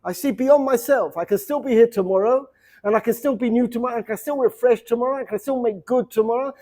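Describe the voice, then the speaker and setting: Male rabbi, middle-aged, high voice, mellow tone, animated storytelling lecture. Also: fast talker. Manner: animated, repetitive, mixes Hebrew words into English. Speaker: rabbi teaching a seminary class. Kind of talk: informal Torah lecture with storytelling.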